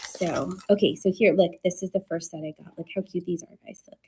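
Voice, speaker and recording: A woman hosting a casual live-stream sale, chatting excitedly about her finds and laughing often. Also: on the low side, brisk, slight background noise. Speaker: live online seller showing thrift finds.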